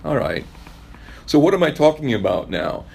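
A pastor delivering a sermon in a relaxed, conversational style. His voice sits in an ordinary middle pitch for a man, and he slips into the voices of the people he quotes. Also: normal speed, vocal fry, husky.

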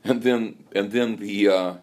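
A man with a fairly low voice preaches in a church. He tells a story and stumbles as he goes, repeating words and starting over. His delivery is unpolished and heartfelt. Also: steady tone, a little slow, darkish tone. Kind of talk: sermon.

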